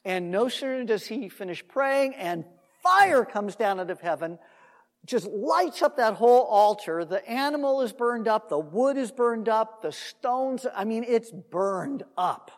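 A man with a notably high voice teaches scripture like a storyteller, acting out the lines of the people in the story. His voice carries a long echo, as from a large hall. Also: measured pace. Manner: animated storytelling, acts out quotes; undogmatic, conversational asides. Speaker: Messianic teacher. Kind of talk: Bible teaching sermon.

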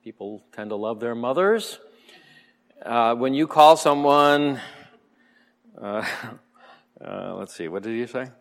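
Male preacher, mid-range voice, relaxed verse-by-verse teaching with fillers; long hall reverb. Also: mid-range voice, takes it slowly, gravelly, long pauses. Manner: relaxed, explanatory, frequent "uh" fillers and soft chuckles. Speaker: Bible teacher.

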